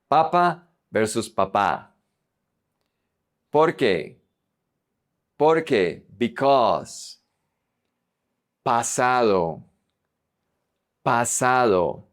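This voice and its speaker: A man teaching a pronunciation lesson, saying each word twice and then giving its meaning. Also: medium pitch. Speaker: Spanish teacher.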